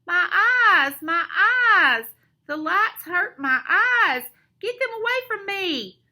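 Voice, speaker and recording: A sneering male mole villain from a picture book, as a woman puts him on, snarling threats and howling in a raised, loud voice. He blusters more than he frightens. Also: very high voice, huge pitch swings, slow pace, pitched above the performer's own voice, exaggerated voice.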